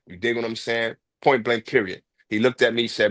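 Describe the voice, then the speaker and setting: A man with a harsh New York accent tells his story in a blunt, aggressive street voice. His pitch sits in the middle range. The sound is dry and close, with no room echo. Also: fast, hardly any pauses, fairly bright tone. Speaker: host. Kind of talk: casual storytelling.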